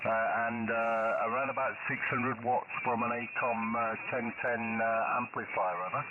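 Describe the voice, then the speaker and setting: A man's voice: medium pitch, steady tone, a little slow. A British man, a ham radio operator, chatting casually over the air with many hesitations. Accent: British English. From United Kingdom. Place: home station in South Korea. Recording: tinny noisy shortwave radio signal.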